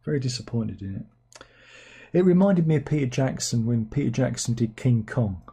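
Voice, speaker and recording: A man's voice: mid-range voice, expressive, moderate pace, creaky, dark tone, breathy edge. A man giving a casual film review, blunt and sarcastic, rambling from one aside to the next.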